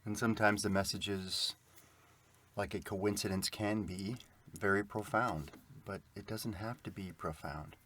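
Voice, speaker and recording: A man co-hosting a faith podcast, speaking in a calm, reflective way. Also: lowish voice, unhurried, slight background noise. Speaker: podcast co-host.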